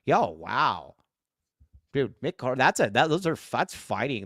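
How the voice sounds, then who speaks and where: Animated excitable male sports podcaster. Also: mid-range voice, measured pace, no echo, clean studio sound. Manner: animated, excitable, reads viewer comments aloud. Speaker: podcast co-host. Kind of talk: casual sports talk livestream.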